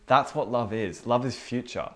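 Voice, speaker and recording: A man's voice: mid-range voice, moderate pace. A young man giving an informal, earnest sermon, chatty and full of fillers like "you know what I mean". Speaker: preacher.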